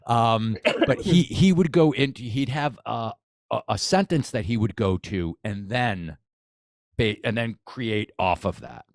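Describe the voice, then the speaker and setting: A man with a low, deep voice talks shop as a boxing coach on a podcast. He is eager and repeats himself, circling back and restarting sentences. The sound is close and dry, with no room around it. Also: unhurried, no room sound. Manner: enthusiastic, repeats phrases, many restarts. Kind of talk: casual podcast conversation.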